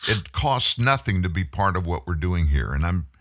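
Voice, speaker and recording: A male talk show host with a fairly low voice and a forceful, bright delivery. He talks emphatically and challenges his listeners directly. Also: very animated, moderate pace.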